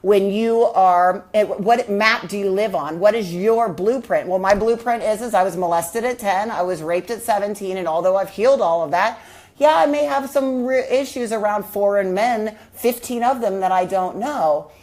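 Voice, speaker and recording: An earnest woman speaks straight to her viewers, reflecting on a hard personal experience. She often stops to ask them questions. Her voice sits at an ordinary middle pitch. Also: normal speed, a little mellow. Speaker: trauma healing coach. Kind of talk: personal storytelling vlog.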